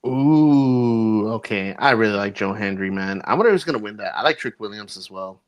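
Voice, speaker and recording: A man's voice: fairly low pitch, lively intonation, moderate pace. Blunt, cursing man in casual chat. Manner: blunt, swears freely, reacts eagerly. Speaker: podcast co-host.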